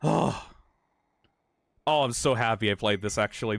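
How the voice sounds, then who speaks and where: A man's voice: lowish voice, normal speed, gravelly, dry recording. A man streaming a game live, reading the dialogue aloud and reacting with emotional exclamations and swearing.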